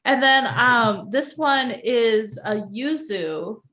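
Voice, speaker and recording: A woman's voice: a little high, animated, takes it slowly, a bit bright. A woman hosting a casual livestream chat, gushing as she tastes food, with lots of "um" and "like". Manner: chatty, gushing food tasting with fillers. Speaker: show host.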